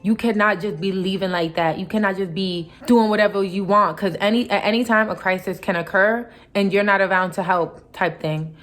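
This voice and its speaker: A woman's voice: medium pitch, fairly even intonation, moderate pace, few pauses, fairly bright tone. A young woman vlogger retelling a workplace clash in a heated, casual storytime, full of asides and mock quotes.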